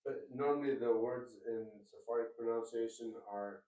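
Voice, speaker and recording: A man's voice: mid-range voice, steady tone, normal speed, dark tone. A man asking a teacher questions hesitantly, heard from farther off in the room. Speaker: student. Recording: dull, echoey, from farther off.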